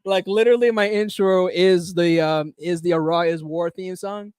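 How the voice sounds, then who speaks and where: A man with a high voice hosts a casual live watch-along of a soccer match. He jokes with playful pop-culture references and gets excitable. His sound is close and dry. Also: normal speed, smooth, no room sound. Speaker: stream host and commentator.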